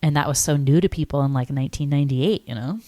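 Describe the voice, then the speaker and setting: A woman's voice: low-pitched, quick pace, mellow, no room sound. A woman in her thirties co-hosting a podcast, chatting casually and rambling with many "like" fillers. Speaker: podcast co-host. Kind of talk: casual chat.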